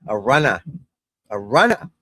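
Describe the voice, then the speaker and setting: A man's voice: medium pitch, sing-song, unhurried, bright, forceful tone, slightly rough, dry recording. A middle-aged man, a golf instructor, chatting casually and bluntly while watching golf on TV, rambling and swearing freely. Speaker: golf instructor and channel host.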